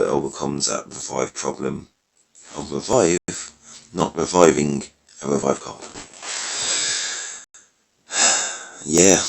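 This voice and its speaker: An extremely low voice with vocal fry and slight roughness comes from a mobile game video creator who is losing his voice. He chats casually about card game decks, wandering off topic and self-correcting as he thinks aloud, sounding a little worn.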